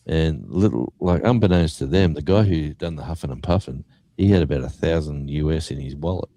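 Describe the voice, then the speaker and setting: Very deep-voiced Australian man. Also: fairly quick, dry recording. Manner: animated storyteller acting out quotes. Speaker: guest musician. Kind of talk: casual anecdote storytelling.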